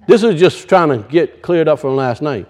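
A man's voice: a little high, animated, normal speed, a little mellow. A male pastor preaching a sermon, emphatic, with rhetorical questions and casual asides.

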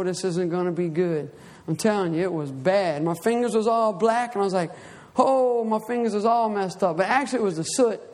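A man preaching, reading scripture aloud and then telling a personal story in an animated way, acting out his own cries. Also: sits high, big-room sound. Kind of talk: Bible reading and personal testimony sermon.

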